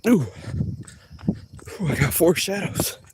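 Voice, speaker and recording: Guy jogging and rambling to chat, slangy, out of breath, pitch jumping all over, bit higher than most dudes. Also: takes it slowly, background noise. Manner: slangy, animated, talking while running. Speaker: vlogger. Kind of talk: casual chat to live chat while jogging.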